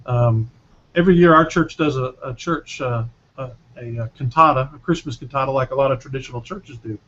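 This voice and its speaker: A man's voice: mid-range voice, dull audio. Man hosting a panel with many fillers. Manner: hesitant, many fillers, friendly moderating. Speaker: podcast host. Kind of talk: casual chat.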